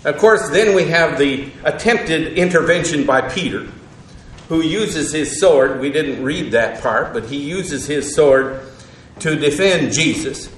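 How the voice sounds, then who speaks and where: A man teaching an evening Bible lesson, halting, with frequent fillers and self-corrections. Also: a little high, expressive, a little hiss or hum. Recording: echoey room.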